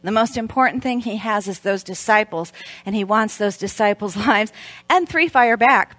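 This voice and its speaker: A middle-aged woman preaching at a women's event, shifting between hushed, slow emphasis and lively, loud storytelling. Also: mid-range voice, dry recording. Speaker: speaker at a women's Christmas event. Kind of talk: sermon.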